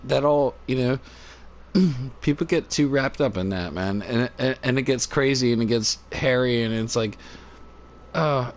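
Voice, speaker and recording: A man chatting casually on a livestream into a phone, laughing often and talking in loose, halting, filler-filled sentences. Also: mid-range voice, a little hiss or hum. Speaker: live streamer. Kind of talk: rambling casual chat. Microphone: phone on a cord.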